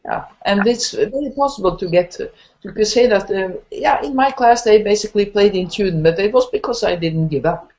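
An older Norwegian woman speaks with a clear Norwegian accent over a video call. She talks in an animated, storytelling way, often voicing imagined students and laughing between thoughts. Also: medium pitch, normal speed. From Norway. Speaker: guest horn teacher. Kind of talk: live video call interview.

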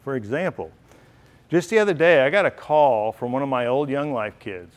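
A man's voice: mid-range voice, animated, normal speed. A middle-aged man giving an earnest, heartfelt storytelling speech at a banquet. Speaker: banquet speaker. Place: banquet hall.

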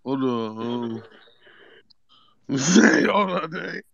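A man's voice: medium pitch, lively intonation, extremely slow, gravelly, fairly bright tone, dry recording, lo-fi sound. A young man chatting and joking in slang with his friends after a prank call. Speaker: prank caller.

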